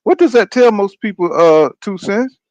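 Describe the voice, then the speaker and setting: A man's voice: high voice, expressive, moderate pace, darkish tone, no room sound. A man hosting a boxing podcast. He talks in a casual, rambling way, gets heated and swears a lot, and keeps saying "you know what I'm saying". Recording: dull, dry lo-fi sound.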